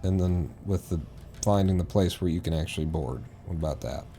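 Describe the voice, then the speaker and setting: A man's voice: low voice, brisk, a little hiss or hum. Rambling male streamer, swearing at the game. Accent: East Coast American, put on. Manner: rambling, swears loudly when frustrated. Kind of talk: live gameplay commentary.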